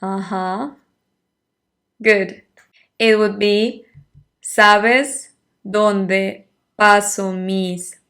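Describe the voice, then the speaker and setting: Woman tutor going really slow, patient, spells out phrases for you to repeat. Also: medium pitch, a bit bright. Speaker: Spanish teacher. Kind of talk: online language lesson.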